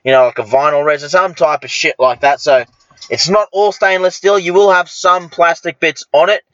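A man's voice: on the high side, steady tone, normal speed, fairly bright tone, no room sound, dull audio. Foul-mouthed rambling man. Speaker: podcast host. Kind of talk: crude comedic monologue.

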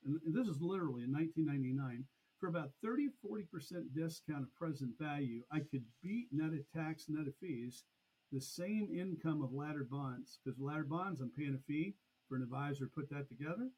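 Middle-aged male guest, husky tone, brisk raised pitch, animated storyteller. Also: rough recording. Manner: animated, acts out past conversations. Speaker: podcast guest, annuity expert. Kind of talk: conversational storytelling.

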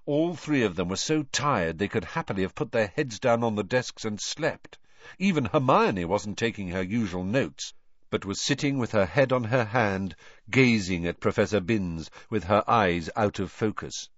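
A man reading a story aloud as an audiobook narrator, expressive in his storytelling. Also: fairly low pitch, normal speed, no echo, muffled recording. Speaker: audiobook reader. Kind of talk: scripted narration.

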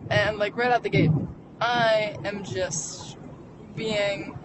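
A young adult vlogger telling a personal story from inside a car, halting and full of fillers and restarts. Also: mid-range voice, fairly even intonation. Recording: vehicle noise behind. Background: car road noise.

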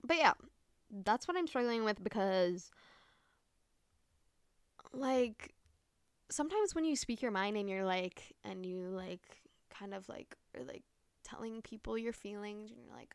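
A woman's voice: mid-range voice, expressive, a little slow, long pauses, smooth, dry recording. A young woman hosting a casual solo podcast at home, rambling through her thoughts with lots of fillers and casual swearing. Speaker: podcast host. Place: room at home with window open.

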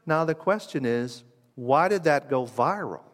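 A man preaching a sermon in a conversational, reflective way, moving from hushed asides to emphatic lines. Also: on the high side, animated, a little slow, in a large hall.

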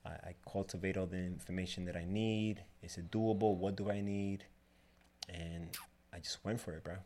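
Low gravelly man telling a story. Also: moderate pace. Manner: rambling, animated retelling with quoted dialogue. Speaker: barbershop owner, guest. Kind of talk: casual storytelling interview.

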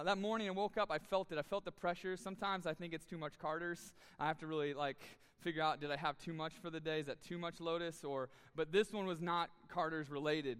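A man preaches in a big hall, his high, bright voice carrying on a long reverb. He speaks earnestly and candidly, repeating words as he presses his point. His tone stays smooth and clear throughout. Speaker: pastor. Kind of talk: sermon with personal story. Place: church auditorium, live audience.

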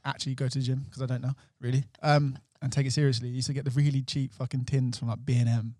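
A man co-hosts a relaxed podcast chat and talks fast and bluntly, with casual swearing. His voice sits in a middle range. The recording is dry and close. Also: mid-range voice, dry recording. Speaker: podcast co-host.

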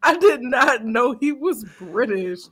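A man co-hosting a podcast in casual chat, excitable and slangy, laughing often. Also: extremely high pitch, measured pace, crowd noise. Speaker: podcast co-host.

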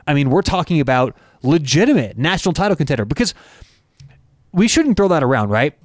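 A man's voice: a little high, fairly quick, no echo, clean studio sound. A man co-hosting a casual sports betting podcast, talking animatedly and joking around. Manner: animated, jokey, breaks into put-on accents. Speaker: co-host.

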